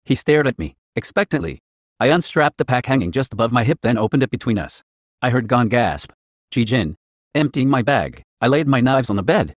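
Man reading fan fiction, lively and dry. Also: mid-range voice, a little fast, no echo. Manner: narrates in first person as a teenage girl.

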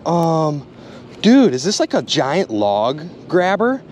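A man vlogging outdoors by the water, narrating his magnet fishing finds in an excited, exclamatory way and talking straight to his viewers. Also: fairly high pitch, slow pace, a little hiss or hum. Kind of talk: excited on-camera commentary.

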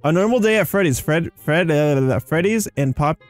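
A young man talks through a sandbox game in a loose, rambling way, tired yet quick to get excited. His voice sits fairly high and jumps around a lot. Faint music plays under him. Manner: excitable, rambling, says "dude" and "you guys". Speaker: gaming YouTuber. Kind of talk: casual gameplay commentary.

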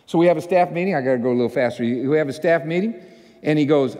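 A man pastor telling a story in a sermon, animated and self-mocking, acting out the people in it. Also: a little high, fast talker. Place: church sanctuary. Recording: long church hall reverb.

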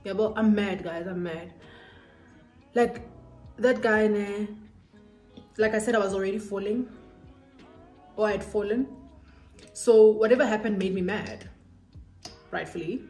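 A young woman tells a storytime while doing her makeup, chatty and animated, peppering her talk with fillers. Her voice sits at a middle pitch and carries the echo of a bare room, with soft music playing underneath. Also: a little slow, pauses often. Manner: animated, chatty, lots of 'like'. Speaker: beauty vlogger. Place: room lit by softbox lights. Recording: echoey room, faint music.

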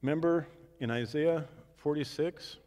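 A man teaching the Bible in a question-and-answer session, swinging from emphatic declarations to hushed asides. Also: on the high side, unhurried. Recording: long reverb of a large hall.

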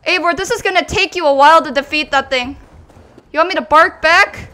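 A woman giving casual gameplay commentary, excitable and exclaiming during fights. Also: very high-pitched, brisk. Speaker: gaming streamer.

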